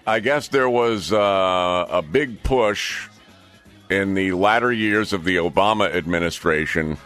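A man with a lowish voice co-hosts a talk radio show. He talks in a blunt, opinionated ramble full of "uh" and "you know". Faint music sits under his voice. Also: measured pace, fairly bright tone. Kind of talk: casual talk radio chat.

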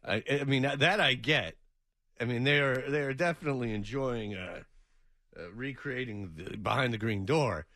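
A man's voice: medium pitch, moderate pace, bright, forceful tone, dry recording, clean studio sound. A man hosting a morning radio show, joking and laughing through casual banter.

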